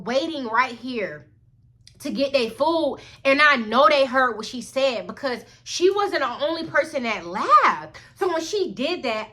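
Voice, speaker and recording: A young woman tells a story to her viewers in a chatty, lively way, acting out what people said in a higher put-on voice. Her voice sits a little high and sounds bright and sharp. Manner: chatty, expressive, keeps addressing viewers as y'all; acts out quoted lines in a higher put-on voice. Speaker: vlogger. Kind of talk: storytime vlog.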